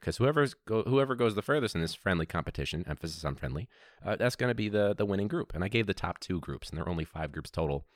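Animated man telling a rambling story. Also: quick pace, dry recording, clean studio sound. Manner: animated, rambling, laughs, sudden incredulous high outbursts. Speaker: podcast host and teacher. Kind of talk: casual storytelling podcast. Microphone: podcast microphone.

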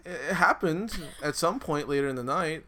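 Young man, podcast host, casual swearing recap, bright edgy voice. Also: on the high side, expressive, moderate pace, slight background noise. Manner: swearing, loose, explaining. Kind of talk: casual chat, recapping a news story.

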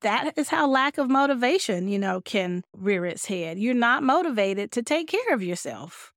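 A woman's voice: a little high, moderate pace, dry recording, studio quality. A woman physician speaking candidly about burnout in a conversational talk, now and then acting out her own thoughts. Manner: candid, animated, acts out quoted thoughts.

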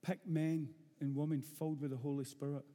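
A middle-aged man from Glasgow with a rough Glaswegian Scottish accent, preaching a sermon bluntly and earnestly, repeating phrases for emphasis. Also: fairly high pitch, level tone, a little fast, dark tone. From Scotland, Glasgow. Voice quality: rough-edged. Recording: long hall reverb.

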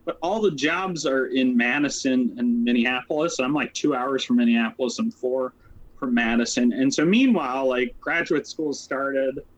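A man's voice: mid-range voice, lo-fi sound. A man being interviewed as a social worker, telling his story casually and rambling, with lots of "like" and "um" fillers. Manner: rambling, many "like" and "um" fillers, quick asides.

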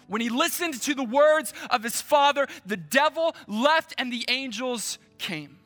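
A male pastor preaching a sermon to his church, slow and emphatic, with dramatic pauses. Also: very high-pitched, bright, forceful tone.

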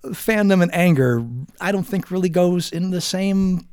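A man's voice: high voice, unhurried, darkish tone, no room sound, studio quality. A man hosting a casual podcast, chatting animatedly about fandom and reading out entertainment news, often restarting phrases. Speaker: podcast host. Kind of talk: casual chat and news read-out.

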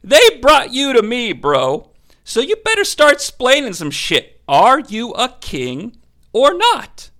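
A man's voice: very high-pitched, huge pitch swings, slow, pushed and bright, exaggerated voice. A man voicing a profane, irritable roman governor with a blunt, crude way of asking questions. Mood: dismissive. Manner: blunt, crude, bored interrogating.

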